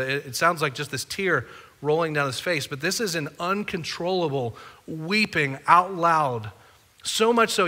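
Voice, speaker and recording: A man's voice: a little high, sharp tone, long reverb tail. A man preaching a sermon as a pastor, conversational and playful with the congregation. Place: church auditorium.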